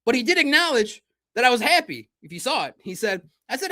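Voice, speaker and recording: A man's voice: extremely high pitch, very animated, fairly quick, sharp tone. A man from Detroit hosting a livestream sports podcast, talking in a blunt, combative and profane way. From Detroit, United States.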